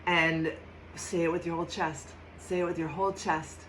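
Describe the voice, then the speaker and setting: A woman with a lowish, flat-sounding voice talks at a moderate pace while running a casual tarot and astrology reading. Chatty and emphatic, she laughs often and erupts into loud mock shouts. There's a bit of hiss or hum on a rough recording.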